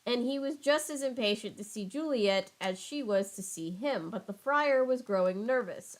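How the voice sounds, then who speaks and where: A woman's voice: fairly high pitch, lively intonation, moderate pace, few pauses, low-quality recording. Chatty young woman reading aloud. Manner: chatty, wry asides. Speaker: channel host. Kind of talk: casual reading aloud with commentary.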